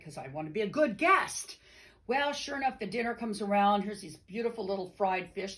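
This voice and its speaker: A middle-aged woman telling a personal story to an audience in an animated, playful way, talking to them directly. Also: medium pitch, poor audio. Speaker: storyteller and singer. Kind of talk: told personal story with sing-along.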